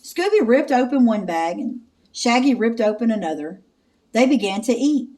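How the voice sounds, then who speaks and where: A woman teacher from Texas, reading a picture book aloud with expressive narration and sound effects. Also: on the high side, normal speed.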